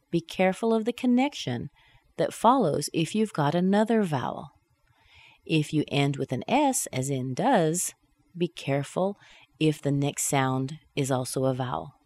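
A woman teaching English pronunciation, modelling short question tags slowly and with clear, exaggerated intonation in a close, dry recording. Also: low voice, expressive, darkish tone, no room sound. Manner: carefully enunciated model phrases with exaggerated intonation. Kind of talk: slow, deliberate pronunciation drill.

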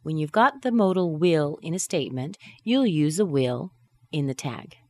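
A woman teaching English pronunciation, drilling short question tags slowly and deliberately. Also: sits low, animated, dark tone, no room sound.

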